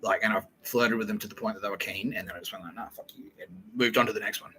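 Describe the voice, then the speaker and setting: A man talks through a long, profane monologue, jumping between loud bursts and quiet mutters. His voice sits low but sounds very bright and forward. A faint noise hangs behind the recording. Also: steady tone, racing, low-quality recording. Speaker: podcast host. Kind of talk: rambling monologue.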